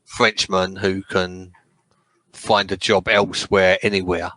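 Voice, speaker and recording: A man's voice: low voice, flat delivery, takes it slowly, sharp tone, no room sound, rough recording. A man from England chatting casually about football on a podcast, rambling and swearing freely. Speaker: podcast co-host.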